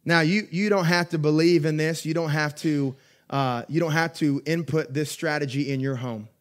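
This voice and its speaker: A young man preaching a sermon as pastor. He talks in a lively, conversational way, swinging between loud emphatic peaks and quiet asides, and laughs through his stories. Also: a little high, normal speed. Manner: laughs while telling stories.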